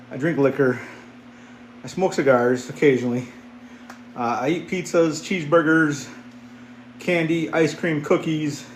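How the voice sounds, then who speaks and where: A man's voice: mid-range voice, a little hiss or hum. A man vlogging casually to his viewers between sets in his home weight-training setup. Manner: laid-back, chatty, talks to viewers directly.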